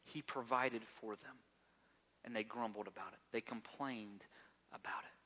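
Bright-voiced male pastor preaching conversationally. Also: fairly low pitch, steady tone, normal speed. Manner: conversational preaching with rhetorical questions. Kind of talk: sermon.

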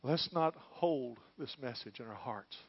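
A middle-aged male pastor preaching a sermon in church, moving between quiet, hushed lines and loud, fervent calls. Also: mid-range voice, expressive, a little slow, husky, highs cut off. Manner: preaching, swings from hushed to shouting.

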